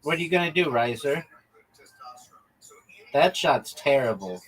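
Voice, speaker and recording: Husky-voiced man swearing through banter. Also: fairly high pitch, animated, measured pace, a bit bright, low-quality recording. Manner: profane, teasing banter with teammates; chatty storytelling, acting out quoted exchanges. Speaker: livestreamer. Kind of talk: casual gaming livestream chat.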